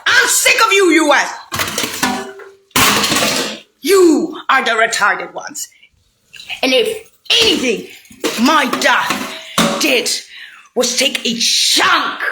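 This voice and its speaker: High, sharp-voiced woman ranting. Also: a little hiss or hum. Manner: angry, profane, rambling and erratic. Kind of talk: unscripted rant to camera.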